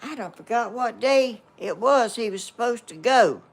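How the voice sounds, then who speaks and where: A woman's voice: on the high side, expressive, moderate pace. An older woman, telling a rambling personal story to her viewers in a homespun, meandering way. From Georgia, US. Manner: homespun, meandering, reads viewer comments aloud. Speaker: vlogger.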